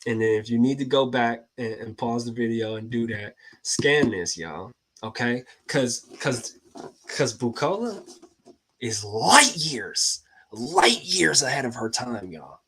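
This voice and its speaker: A man hosting a casual talk to his viewers, excitable and slangy, laughing often and calling out to the audience. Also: mid-range voice, slow pace, a little hiss or hum. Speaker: host.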